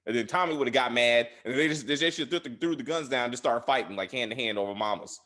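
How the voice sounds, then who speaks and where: A man co-hosting a casual TV recap chat, acting out character lines in an animated way. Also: mid-range voice, fast. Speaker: podcast co-host.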